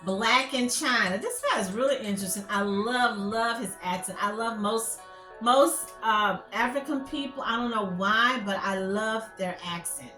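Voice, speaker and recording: A woman's voice: on the high side, moderate pace, bright, forceful tone. A woman hosting a casual commentary vlog, chatty and gossipy, rambling with lots of fillers. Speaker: YouTube channel host. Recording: echoey room with faint music.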